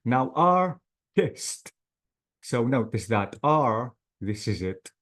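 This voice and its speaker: A man's voice: medium pitch, big pitch swings, slow pace, fairly bright tone. A male English teacher giving an online class lecture, patiently drilling words syllable by syllable.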